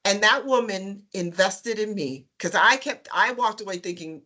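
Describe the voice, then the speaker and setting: A woman on a panel, telling her career story in a lively, chatty way with many ums and acted-out quotes. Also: mid-range voice, normal speed, hardly any pauses. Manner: lively storyteller, acts out what others said; chatty, with frequent um and uh. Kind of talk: personal storytelling in a webinar panel.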